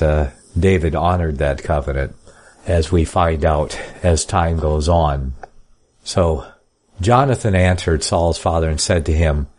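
A man with a very low voice teaches a Bible study. He reads scripture in an old formal style, then drops into plainspoken, folksy asides to explain it. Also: a little mellow. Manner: reads scripture in King James style then comments casually. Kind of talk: Bible study reading and commentary.

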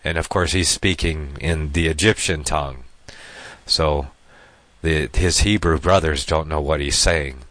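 A man with a notably low voice reads scripture aloud, then breaks off to explain it in plain, everyday words. The sound is close and dry, with no room around it. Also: unhurried, fairly bright tone, no echo. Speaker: Bible teacher. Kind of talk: scripture reading with commentary.

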